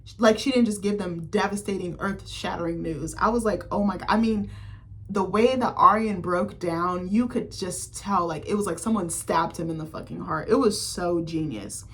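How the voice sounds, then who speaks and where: A woman's voice: on the low side, moderate pace. A woman giving a casual, profane film recap as a critic vlogger, full of fillers like "like" and "um". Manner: chatty, profane, heavy on fillers like "like" and "um".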